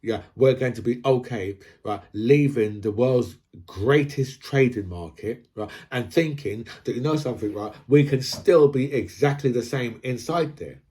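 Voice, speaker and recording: A man's voice: mid-range voice, measured pace, warm tone. A man from Britain, ranting casually about politics, rambling, repeating himself and asking "right?" again and again. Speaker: political commentator.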